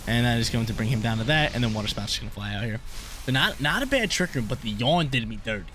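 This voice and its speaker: A man's voice: medium pitch, animated, quick pace, fairly bright tone, slight background noise. A young man thinking aloud as he commentates his own game, casual and full of slang, often repeating his lines. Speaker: gaming YouTuber. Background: game music.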